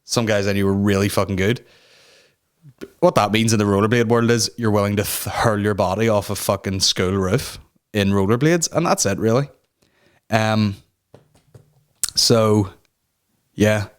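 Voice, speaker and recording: A man's voice: on the low side, a little slow, long pauses, clean tone. A young man hosting a comedy podcast from home, ranting casually in a sweary, rambling, self-mocking way. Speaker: podcast host. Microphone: talking to a camera.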